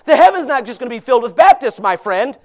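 A fervent preacher with a very high-pitched voice, swinging from shouted appeals to soft, hushed pleading. He quotes scripture in archaic wording as he urges his listeners. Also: sing-song, fast talker. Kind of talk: sermon.

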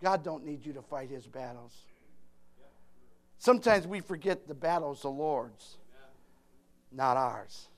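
A man preaching a sermon, talking straight to his congregation, joking with them and swinging from quiet asides to loud emphatic bursts. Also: a little high, animated, takes it slowly, long pauses.

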